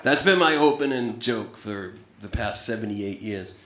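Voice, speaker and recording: A man in his thirties does a profane, wry stand-up set on a small comedy club stage, rambling and cutting himself off mid-sentence. His fairly low voice is expressive and moderately paced, recorded live in an echoey, noisy room with audience laughter.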